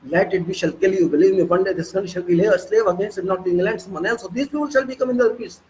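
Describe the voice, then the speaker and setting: A man's voice: high voice, quick pace, a little hiss or hum, rough recording. A man with an Indian accent delivering an impassioned, ranting political monologue with heavy repetition. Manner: excitable, ranting, repetitive emphasis. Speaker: political commentator.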